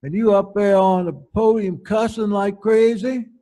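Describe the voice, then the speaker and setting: A man voicing an older church matriarch who primly scolds her pastor in a drawn-out, pious tone. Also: high voice, fairly even intonation, mellow, pitched above the performer's own voice. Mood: scolding.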